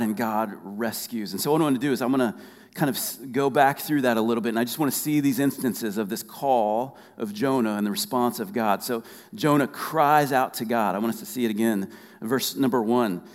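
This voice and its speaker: A man's voice: medium pitch, darkish tone. Man preaching in a reverberant hall. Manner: conversational preaching with humor, reads scripture slowly. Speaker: pastor. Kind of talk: sermon.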